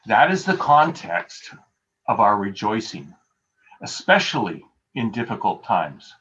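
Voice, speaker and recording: A man's voice: on the low side, big pitch swings, a little slow, a bit bright, muffled recording. A man preaching a sermon as pastor, earnest and emphatic, repeating key phrases for weight.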